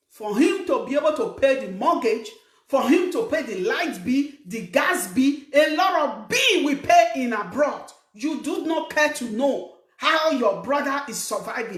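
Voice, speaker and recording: A middle-aged Nigerian woman hosting her own show, lecturing viewers in an emphatic, scolding way that rises to shouts. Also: sits high, roomy sound. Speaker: talk show host. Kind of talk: preaching monologue to viewers. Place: living abroad, in a room.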